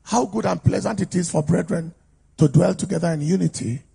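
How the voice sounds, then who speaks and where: A pastor preaching a sermon to a congregation in a declamatory, call-and-response style, urging people to shout amen. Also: male voice, sits high, brisk, gravelly, breathy edge. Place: church service with a congregation.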